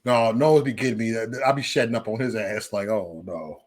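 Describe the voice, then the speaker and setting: A man hosting a casual livestream, joking loudly and cursing, breaking into laughter often. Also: mid-range voice, fairly quick. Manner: loud, joking, profane banter with frequent laughs. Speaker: live stream host.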